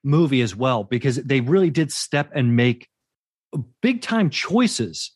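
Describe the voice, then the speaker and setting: A man's voice: medium pitch, big pitch swings, measured pace, no echo. Emphatic man, dry close sound. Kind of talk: casual chat about movies.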